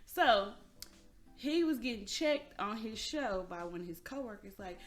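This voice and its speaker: A young woman hosting a casual podcast, telling stories in a lively, slangy way and laughing often. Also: fairly high pitch, a little slow, faint music behind. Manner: animated storytelling, frequent laughter, slangy. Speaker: podcast host.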